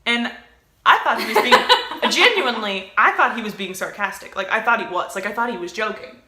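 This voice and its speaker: A young woman, a theater student, telling a dating story with lively, theatrical delivery. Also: a little high, a little fast, reverberant. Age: young adult. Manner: expressive, theatrical retelling. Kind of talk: casual storytelling.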